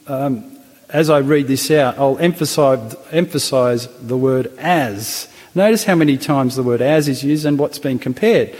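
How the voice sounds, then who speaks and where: A man's voice: medium pitch, darkish tone, slightly rough. A male preacher delivering a sermon to a church congregation. He speaks thoughtfully, stopping and restarting as he works through his points. His voice rings with a long hall reverb. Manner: hesitant, with restarts and thoughtful pauses.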